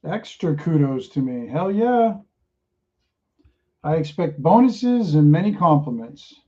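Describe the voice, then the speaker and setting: A woman's voice: low-pitched, very animated, slow pace, warm tone, heavily acted. A man voicing a cocky, scheming female thief who is brash and teasing. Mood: boastful. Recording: dull lo-fi sound.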